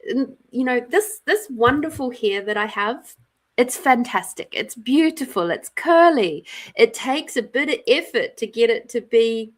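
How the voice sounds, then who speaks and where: Speaking a little slowly in a slightly high voice with lively intonation, a middle-aged woman from Australia hosts a casual live-stream card reading. This intuitive reader is chatty and giggly and greets viewers by name.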